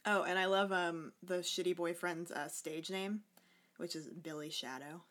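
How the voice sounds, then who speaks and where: A woman with a slightly low voice talks through a movie plot in easygoing podcast chat. She is chatty and sarcastic and drops casual swears as she goes. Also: steady tone, a little slow, fairly bright tone. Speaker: podcast co-host.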